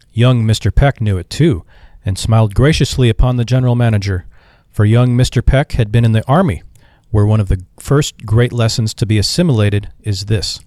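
Guy reading an old short story, steady and expressive, dry mic. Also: on the low side, no room sound. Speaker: narrator. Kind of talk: audiobook narration.

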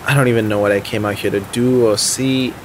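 A man's voice: on the low side, fairly even intonation, brisk, a little hiss or hum. A young man narrating an audio drama in the first person, anxious and self-deprecating, with faint music underneath. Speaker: narrator and lead character.

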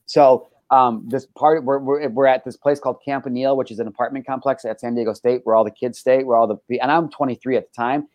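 A young man hosting a talk show, telling a wild story in a rough, profane way full of fillers and restarts. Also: mid-range voice, steady tone, a little fast, hardly any pauses, darkish tone, dry recording, highs cut off. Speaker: host.

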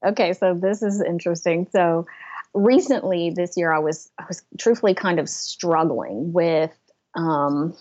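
A woman's voice: fairly low pitch, darkish tone, dull audio. A woman, a business coach telling a personal story in an interview, earnestly.

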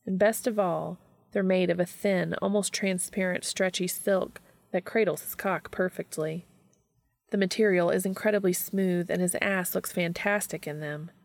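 Low, gravelly woman reading a story. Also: steady tone, normal speed, dry recording, clean studio sound. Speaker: narrator. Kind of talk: audiobook fiction reading.

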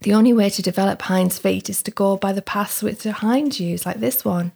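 A woman's voice: mid-range voice, fairly quick, creaky, darkish tone, husky. A woman voicing a kind, cheerful male shepherd who guides and reassures, while reading a book passage aloud. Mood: cheerful reassuring.

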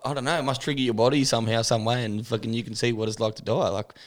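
An Australian man spinning a crude pub story for his mates. He swears in nearly every sentence and laughs his way through it. His voice sits at an ordinary middle pitch. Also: steady tone, rapid-fire. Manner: swears constantly, laughs through stories, acts out quotes loudly.

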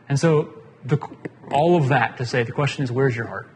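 A man's voice: a little high, brisk. A man preaching a casual sermon as pastor, plain-spoken and conversational, often putting questions to the congregation. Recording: long hall reverb, faint room noise.

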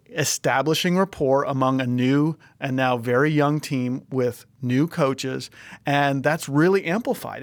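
A man's voice: mid-range voice, dry recording. A middle-aged man co-hosting a casual sports podcast, speaking thoughtfully with many fillers. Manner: hesitant, filler-heavy, thoughtful. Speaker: podcast co-host.

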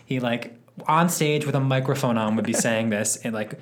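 A man of middle pitch trading stories on a relaxed podcast recorded at home. He tells them with lively comic timing and breaks into laughter often. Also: normal speed. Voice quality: animated storyteller, laughs often. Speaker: podcast co-host. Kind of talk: casual comedic chat.

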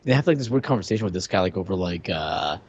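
A man's voice: deep voice, lively intonation, fast, darkish tone, slightly rough. A man co-hosting a podcast, chatting casually and hesitantly, full of "like" and restarts. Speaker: podcast co-host. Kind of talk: casual chat. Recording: dull lo-fi sound.

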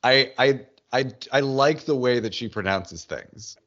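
A man's voice: mid-range voice, a little slow, fairly bright tone. A man co-hosting a podcast, chatting casually with lots of fillers and restarts, in muffled audio. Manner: rambling, many fillers and restarts. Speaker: podcast co-host. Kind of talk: casual chat about a TV show.

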